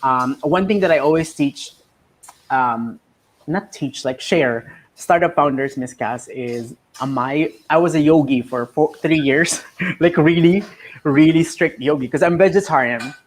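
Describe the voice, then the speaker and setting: A man's voice: a little high, a little slow, a little hiss or hum. A man in his thirties hosting a casual interview, sharing reflective advice and often repeating his words as he thinks. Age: 30s. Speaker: host.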